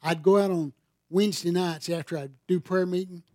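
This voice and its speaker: Older pastor with a higher voice, dry sound. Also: male voice, fairly even intonation, fairly quick, dry recording. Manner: emphatic storytelling, swelling louder and higher on key points. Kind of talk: sermon. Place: church sanctuary.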